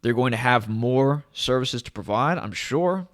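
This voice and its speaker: A man's voice: medium pitch, animated, measured pace. A man hosting his own channel, talking to camera in a rambling, enthusiastic way. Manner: rambling, enthusiastic, hype-driven. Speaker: crypto channel host. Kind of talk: casual to-camera vlog. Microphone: camera at desk.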